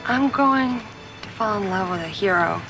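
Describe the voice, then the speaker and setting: An actress playing a cheerful, romantic young female factory worker who chats brightly, in a film scene. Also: mid-range voice, expressive, moderate pace, natural voice, low-quality recording. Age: young adult. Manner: chatty and bright. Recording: film scene with loud music behind.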